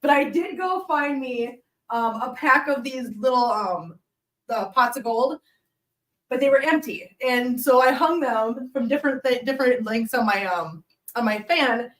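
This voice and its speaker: A woman hosting a casual live stream, chatty and quick to laugh, often talking to her cats. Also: high-pitched, lively intonation, fairly bright tone, recorded from a distance.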